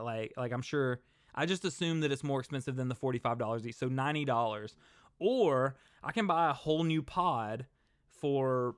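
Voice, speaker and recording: Chatty young man with a smooth voice. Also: medium pitch, no room sound, clean studio sound. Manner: chatty, rambling, talks to chat viewers. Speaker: host. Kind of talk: casual livestream chat.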